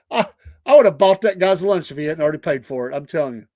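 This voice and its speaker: Animated Southern man telling stories. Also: a little high, no room sound. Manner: animated, laughing storyteller who acts out quoted voices. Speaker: podcast host. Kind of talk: casual storytelling chat.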